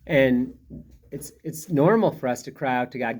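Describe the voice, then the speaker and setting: A man's voice: medium pitch, normal speed. A man leading an informal Bible study, explaining scripture conversationally with frequent restarts.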